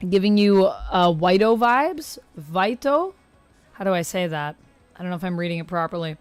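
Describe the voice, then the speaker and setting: A woman's voice: fairly low pitch, lively intonation, normal speed, clear, resonant tone, dry recording, faint music behind. A woman streamer chatting casually with her viewers and answering their comments. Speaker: streamer, tarot reader. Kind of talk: casual livestream chat.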